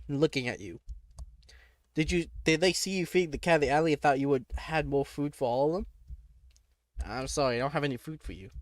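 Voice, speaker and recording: A young man reads a text adventure aloud, stopping often to react with quick, joking asides. His voice sits a little high. The sound is close and dry, with no room around it. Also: no room sound. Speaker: gamer.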